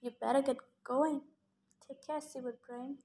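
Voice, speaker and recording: Woman reader as a proud, stubborn teen girl; earnest, high. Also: steady tone, unhurried, darkish tone. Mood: subdued. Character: stubborn clever teenage girl, proud and sad.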